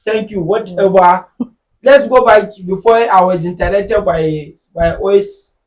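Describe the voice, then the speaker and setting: High-voiced Nigerian man hosting, animated. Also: measured pace, rough recording. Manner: animated, joking, bursts into shouting. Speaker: podcast host. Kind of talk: casual chat.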